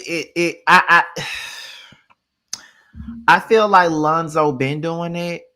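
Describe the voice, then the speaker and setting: A man's voice: medium pitch, pushed and bright. A male host speaking bluntly and emphatically in casual conversation, swearing freely.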